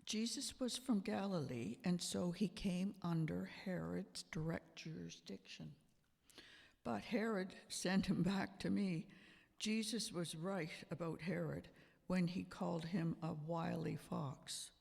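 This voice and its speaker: A man's high-pitched, gravelly voice with a darkish tone and steady delivery portrays a defensive Pontius Pilate defending himself on the witness stand in a church play. He exaggerates the voice, telling his story slowly and emphatically as the sanctuary's hall reverb lingers.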